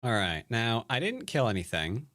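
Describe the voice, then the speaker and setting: Here the Go streamer sounds very animated, with a medium-pitched, fairly bright voice at normal speed in a dry, studio-quality recording. He plays and teaches while commenting casually, making wry jokes to himself, rambling, and frequently fading into mutters.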